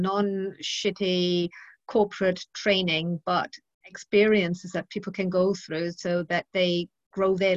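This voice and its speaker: A woman's voice: lowish voice, dry recording. Middle-aged woman guest, candid, lots of ums, kinda dull dry audio. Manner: frank and thoughtful, with many ums. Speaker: guest, leadership trainer. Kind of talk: interview conversation.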